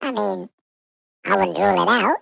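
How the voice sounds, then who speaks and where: A player voicing an overly polite British baby who hedges with many ums and dry understatement, through a pitched-up childlike voice. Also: moderate pace, vocal fry, a bit bright, no echo, low-quality recording. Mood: wry.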